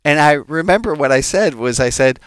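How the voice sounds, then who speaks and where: A man who is a rabbi teaches a casual sermon, chatting with the congregation and wandering into jokes and side stories. His voice is slightly high and smooth and resonant. The sound is close and dry, with no room echo. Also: lively intonation, moderate pace, a bit bright. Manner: conversational, digressive and joking, addressing the congregation.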